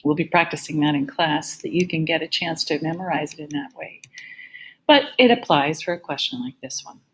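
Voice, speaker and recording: A woman math teacher giving a recorded lecture with a slightly gravelly voice, explaining each step patiently. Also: sits low, brisk, slight background noise, low-quality recording.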